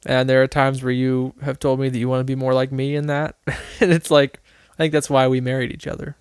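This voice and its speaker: A man's voice: medium pitch, flat delivery, a little fast, clean tone, dry recording, studio quality. A man co-hosting a podcast, thinking aloud in a loose, rambling way with many restarts. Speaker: podcast co-host. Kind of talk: casual chat.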